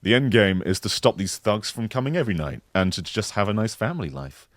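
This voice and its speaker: A man co-hosting a podcast, playfully improvising a mock game pitch in casual chat. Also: lively intonation, no echo. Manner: playful, joking improv pitch with quick voice switches.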